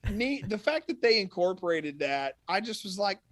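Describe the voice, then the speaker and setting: A man from Texas as guest on a casual fan chat, talking in an animated, storytelling way. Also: high-pitched, normal speed. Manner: animated storyteller, does mock voices.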